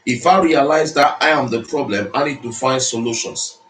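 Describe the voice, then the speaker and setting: Motivational speaker, man, mid-pitched, preachy and repetitive, in an echoey room. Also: moderate pace, fairly bright tone, slight background noise. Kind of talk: motivational speech. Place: speaking to an audience in the Philippines. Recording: roomy echo.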